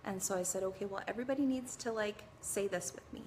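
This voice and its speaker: A middle-aged woman hosting a live-streamed advice show, chatty and animated, laughing often and greeting viewers by name. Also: mid-range voice, fast talker, slight background noise. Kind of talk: casual live-stream talk.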